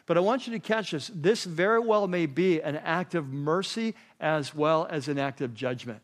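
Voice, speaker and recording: Conversational preacher with a slightly high voice. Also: male voice, moderate pace, hardly any pauses. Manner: conversational preaching, repeats "catch this", drops low and quiet on key phrases. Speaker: pastor. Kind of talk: sermon.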